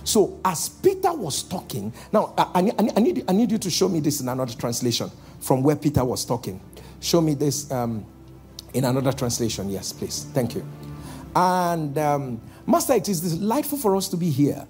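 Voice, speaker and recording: A man preaching a sermon as pastor, calling out to the congregation and slowing down for emphatic lines. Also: a little high, big pitch swings, faint music behind. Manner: calls out to the congregation, shifting between loud exhortation and slow emphatic lines.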